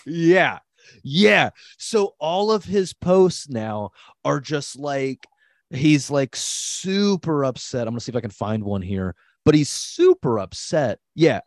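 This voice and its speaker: A man's voice: a little high, lively intonation, slow, no echo, clean studio sound. A young man hosting a podcast in casual chat, rambling and laughing, with crude language. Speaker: podcast host.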